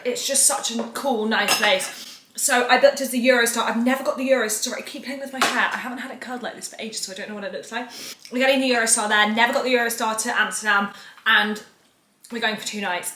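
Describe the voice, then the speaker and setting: A woman's voice: fairly high pitch, background noise. A young woman in her twenties, chatting casually and upbeat to camera in her home kitchen. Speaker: vlogger. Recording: echoey room. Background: dishes and cutlery clatter.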